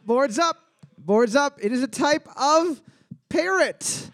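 A man's voice: very high voice, expressive, a little slow, a bit bright. A man hosting a bar trivia night, reading out questions and cracking crude jokes between them. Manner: joking, crude asides. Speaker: trivia host.

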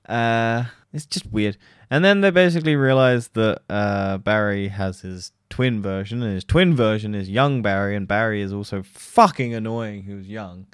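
A man's voice: lowish voice, unhurried, smooth, no echo, clean studio sound. A man hosting a solo podcast, giving a rambling, profane film review and mockingly quoting characters. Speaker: podcast host.

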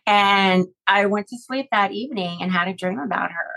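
A middle-aged woman guest in an interview, retelling a personal story in a halting, emotional way with many fillers. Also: medium pitch, gravelly, bright, forceful tone, rough recording. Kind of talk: conversational interview.

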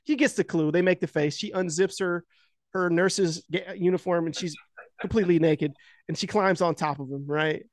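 A man in casual chat retelling a film scene. He rambles with constant filler words, swears freely, and gets animated as he goes. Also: high-pitched, normal speed, no echo, clean studio sound.

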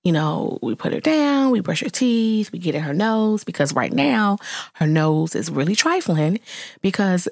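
A woman in her thirties, a mother vlogging to her viewers, telling a story in casual chat and venting with exasperated, animated exclamations. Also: fairly low pitch, a little slow, creaky, dry recording, studio quality.

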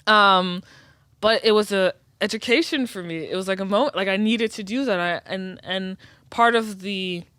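A woman's voice: mid-range voice, moderate pace, fairly bright tone, smooth, no echo, clean studio sound. A woman guest on a podcast in casual chat, talking in a reflective, long-winded way.

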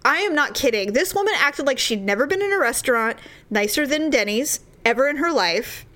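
A woman casually telling a story, exasperated and animated, acting out the people in it. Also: high-pitched, a little fast. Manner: animated, exasperated, acts out voices.

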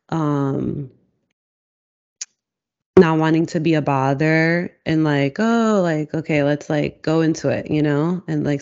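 A person in a reflective casual conversation, speaking slowly and searchingly with many fillers. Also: mid-range voice, vocal fry, a little mellow, lo-fi sound.

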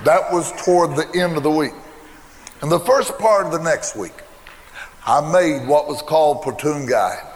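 A man's voice: on the high side, moderate pace, a little hiss or hum. An older man preaching a sermon, telling a folksy story from his own past with emphatic repeated refrains. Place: church. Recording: long reverb in a church hall.

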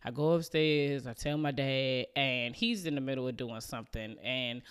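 A woman's voice: rumbling low, moderate pace, clean tone. A woman in her thirties hosting a podcast, telling a personal story in a casual, chatty way, with plenty of fillers and small laughs, acting out her family's lines as she goes. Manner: acts out family members' lines. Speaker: podcast host.

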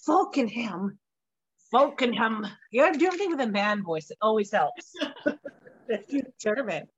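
A woman's voice: a little high, very animated, fairly quick, muffled recording, a little hiss or hum. A woman hosting a podcast, chatting casually in a playful, joking way and laughing often. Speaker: podcast host.

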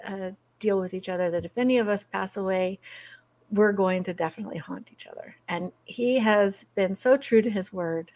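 Middle-aged woman, animated storyteller, laughs easily, mid-pitched. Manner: animated, laughs often while telling stories. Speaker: guest. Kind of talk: conversational storytelling.

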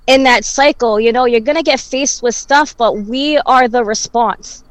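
A woman's voice: a little high, moderate pace, dry recording, poor audio. A woman talking candidly in casual chat, reflective and swearing freely.

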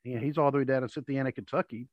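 A man's voice: medium pitch, steady tone, very fast, no room sound. A man hosting a casual chat, rambling through stories and acting out what people said. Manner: rambling storyteller, acts out quotes. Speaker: podcast host. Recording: dull lo-fi dry audio.

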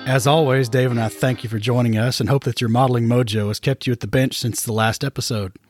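A man hosting a hobby podcast, chatting casually in a relaxed, unhurried way with frequent fillers. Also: medium pitch, soft background music. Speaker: podcast host.

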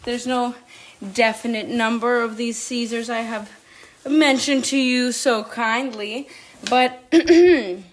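Woman podcast host, casual confessional monologue, wry and playful, slightly breathless, higher-pitched voice. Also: steady tone, slow, a little hiss or hum. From Montreal. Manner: wry, playful, frequent throat clearing.

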